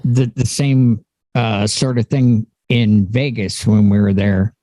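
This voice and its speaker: A man in casual panel chat, rambling through an anecdote with halting restarts. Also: on the low side, fairly even intonation, mellow, dry recording.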